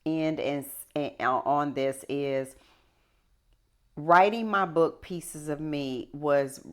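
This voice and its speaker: Woman, very low voice, animated storyteller, casual podcast chat. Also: takes it slowly. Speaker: podcast guest.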